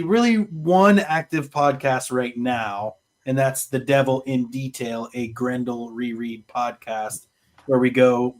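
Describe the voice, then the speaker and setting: Steady male podcaster on a call. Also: mid-range voice. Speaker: co-host and podcaster. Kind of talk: casual chat.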